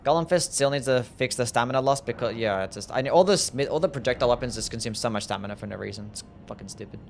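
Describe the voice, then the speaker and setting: A man's voice: mid-range voice, fast talker, vocal fry, a little hiss or hum. A young Australian man giving casual gameplay commentary as a streamer, mumbling, sighing and swearing often. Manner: mumbly, swears often, sighs, reads chat aloud.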